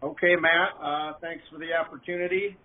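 A man's voice: fairly high pitch, steady tone. A man in his fifties from southern Wisconsin, answering interview questions in a hesitant way, filled with "uh"s. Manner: slow, hesitant, many "uh"s. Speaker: guest. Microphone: phone. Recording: tinny phone line.

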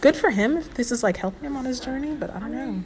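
A young woman co-hosting a casual chat podcast, teasing and quick to laugh. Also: sits high, expressive, over a noisy crowd, poor audio. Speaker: co-host.

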